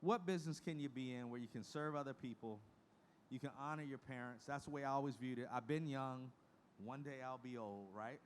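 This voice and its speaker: A man's voice: mid-range voice, brisk, slight background noise. Frank, folksy man giving a keynote. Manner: frank, folksy, emotional storytelling. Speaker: association leader giving a presentation. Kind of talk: conference keynote speech. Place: conference stage.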